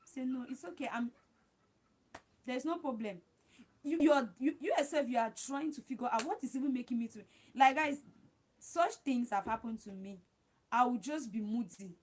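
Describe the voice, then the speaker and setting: A woman's voice: fairly high pitch, moderate pace. A woman hosting a live stream, giving chatty, repetitive advice and talking straight to her viewers. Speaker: livestream host.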